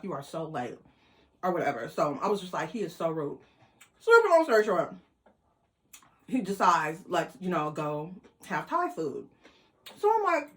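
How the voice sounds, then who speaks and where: Animated woman telling a story. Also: on the low side. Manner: animated, quotes people in voices, laughs. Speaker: vlogger. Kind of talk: casual storytelling.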